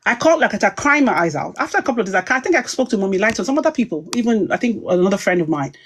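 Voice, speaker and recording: A woman's voice: medium pitch, big pitch swings, rapid-fire, breathy edge. Agitated woman ranting on a livestream. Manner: agitated, emphatic, rambling. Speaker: online commentator. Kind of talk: heated livestream talk.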